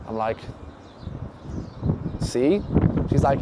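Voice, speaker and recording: A young man casually telling a profane, animated story and acting out the other voices in it. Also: fairly high pitch, fast talker, noisy background.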